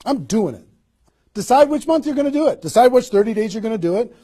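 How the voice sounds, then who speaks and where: A man with a fairly high, slightly husky voice coaches his listeners through a motivational seminar talk. He is energetic and keeps firing rhetorical questions, like a trainer pushing people into action. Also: very fast. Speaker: network marketing trainer.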